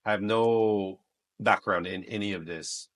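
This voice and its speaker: A man raised in the United States, telling stories as a guest on a podcast, joking and animated. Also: on the low side, unhurried. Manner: animated, joking, mixes in Filipino phrases. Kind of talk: casual interview storytelling.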